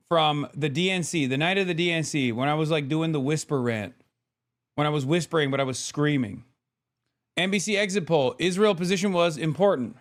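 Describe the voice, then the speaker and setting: A man streaming live, reacting to clips and ranting about politics with frequent swearing. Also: a little high. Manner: profane, ranting political commentary.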